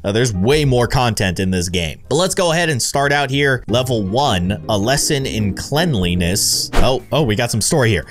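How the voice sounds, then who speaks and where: A man narrating his gameplay in a playful, jokey commentary style. His voice sits at an ordinary pitch but swings up and down a lot as he reacts. Faint music plays underneath. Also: animated, moderate pace, few pauses. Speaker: gaming YouTuber. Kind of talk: playful let's-play commentary.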